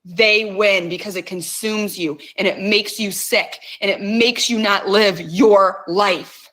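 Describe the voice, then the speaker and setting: A middle-aged woman hosts a guided emotional release session, coaxing listeners with intense, frequently profane language. Her medium-pitched voice is slow, fairly bright and fairly even in intonation.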